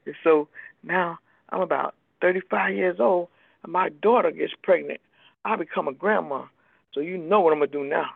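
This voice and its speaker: A woman's voice: lowish voice, normal speed, creaky, slightly rough, no room sound. An older woman telling her recovery story as personal testimony, emphatic and acting out the people she quotes. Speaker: speaker sharing a recovery story. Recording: tinny phone-like radio recording.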